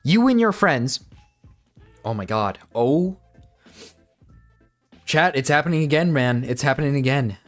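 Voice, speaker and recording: A man's voice: medium pitch, expressive, unhurried, pauses often, faint music behind. A man doing reaction commentary, ranting in exasperation and swearing often, talking to his chat like a streamer. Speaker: drama commentator.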